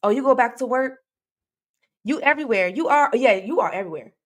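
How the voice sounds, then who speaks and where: She hosts a true crime livestream, addressing viewers directly in a chatty, rambling manner with lots of fillers and restarts, and reads comments out loud along the way. Her voice is a little high, animated, and fairly quick.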